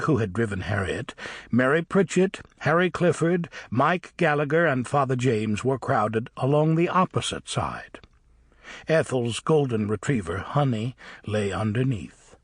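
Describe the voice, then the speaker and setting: A man narrating a novel as an audiobook reader, with expressive, varied storytelling. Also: mid-range voice, breathy edge, no room sound, clean studio sound. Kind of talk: scripted narration.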